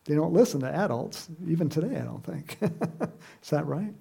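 Male pastor, lively sermon delivery, raspy fry in the voice, acts out scenes. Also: a little high, moderate pace. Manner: lively, acts out quoted voices with sudden loud cries and laughs.

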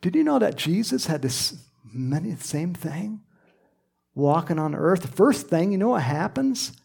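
A man's voice: high-pitched, very animated, unhurried, vocal fry, darkish tone, slightly rough. A man preaching a conversational sermon, acting out quoted lines and dropping at times to a whisper. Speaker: pastor.

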